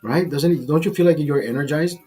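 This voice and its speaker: Husky man telling a profane story. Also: a little high, a little fast, soft background music. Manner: profane, animated anecdote with acted quotes. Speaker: podcast host telling a story. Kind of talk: casual storytelling chat.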